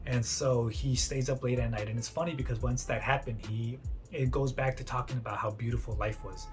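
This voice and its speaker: A man's voice: medium pitch, fairly even intonation, brisk, over music. A man giving a casual spoken book summary, chatty and full of fillers, acting out the characters' lines as he goes. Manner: chatty retelling full of "like" and "you know", acts out quotes.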